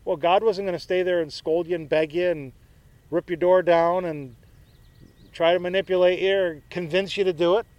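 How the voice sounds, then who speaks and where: A man's voice: high voice, steady tone, moderate pace, darkish tone, no room sound. A male pastor preaching a sermon in a conversational way, with joking asides to his congregation.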